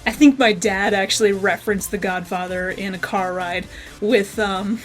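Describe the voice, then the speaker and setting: A woman's voice: mid-range voice, fairly even intonation, normal speed, faint music behind. A woman giving a casual spoken review of a cartoon episode, rambling and frankly opinionated.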